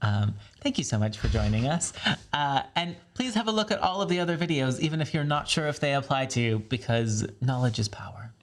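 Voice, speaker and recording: A man's voice: medium pitch, expressive, brisk. A man hosting a voice training lesson. He explains each technique in an upbeat way and laughs often. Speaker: voice coach. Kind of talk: instructional video.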